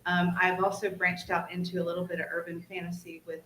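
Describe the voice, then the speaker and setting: A woman author telling lively anecdotes in a casual convention panel chat. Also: fairly low pitch, fast, faint music behind, poor audio. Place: convention panel room with audience.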